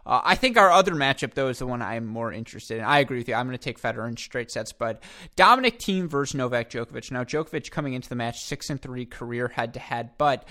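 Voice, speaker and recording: A man's voice: medium pitch, lively intonation, fast, sharp tone. A man hosting a tennis podcast, chatting casually and reeling off scores and head-to-head stats. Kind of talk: casual sports chat with stats.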